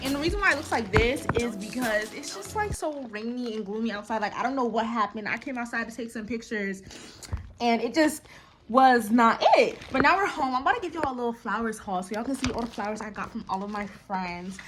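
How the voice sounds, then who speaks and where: A woman's voice: a little high, a little fast, very noisy. A young adult woman chatting casually to her viewers in a vlog, calling them y'all, recorded on a handheld phone. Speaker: vlogger. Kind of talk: casual vlog chat to camera.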